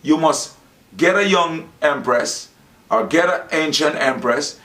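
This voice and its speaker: A man's voice: fairly high pitch, takes it slowly, bright, forceful tone. A man talking in a rambling, preachy monologue, acting out the dialogue he quotes. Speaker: Rasta speaker. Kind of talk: casual monologue.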